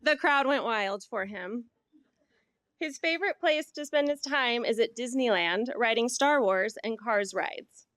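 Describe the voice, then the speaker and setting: A woman teacher giving an award speech, warm and playful, coaxing a student along beside her. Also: a little high, measured pace, no room sound. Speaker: teacher and sports leadership coordinator.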